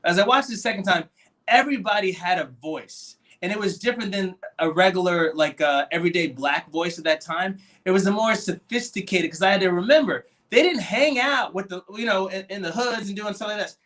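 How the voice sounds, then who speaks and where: A man co-hosting a casual movie discussion podcast, animated and acting out quoted voices as he talks. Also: high-pitched, a little fast. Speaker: podcast co-host.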